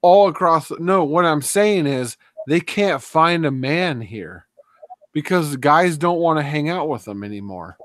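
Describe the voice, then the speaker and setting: A man's voice: fairly high pitch, expressive, measured pace, no room sound. Regular-voiced guy griping on a live chat, dry sound. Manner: complaining, mocking imitation. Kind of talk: casual chat.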